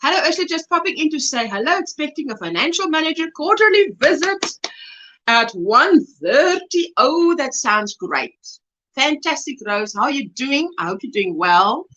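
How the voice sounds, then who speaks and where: Lively high-pitched South African woman. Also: normal speed, dull audio. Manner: reads chat messages aloud warmly, laughing often. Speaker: livestream host. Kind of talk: casual livestream chat.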